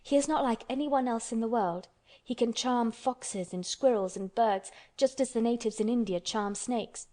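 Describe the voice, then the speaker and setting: A woman's voice: fairly high pitch, moderate pace, warm tone, close to an everyday voice. A woman voicing a blunt, stubborn young orphan girl who speaks earnestly in a storybook. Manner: earnest, contrary storybook telling.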